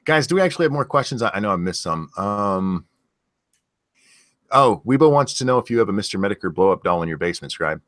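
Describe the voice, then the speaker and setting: A man's voice: on the low side, expressive, quick pace, fairly bright tone, no echo, studio quality. An American man hosting a casual stream, joking and reading viewer questions aloud. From United States.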